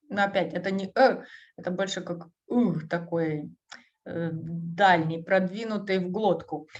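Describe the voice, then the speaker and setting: Woman, English teacher, slow careful delivery, mid-pitched voice. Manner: slow, careful enunciation for learners; switches between English and Russian explanations. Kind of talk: language lesson.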